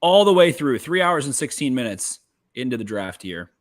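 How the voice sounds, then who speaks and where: A man co-hosting a podcast, giving quick, profane football analysis in casual chat. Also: medium pitch, very animated. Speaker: podcast co-host. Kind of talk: casual draft-night chat.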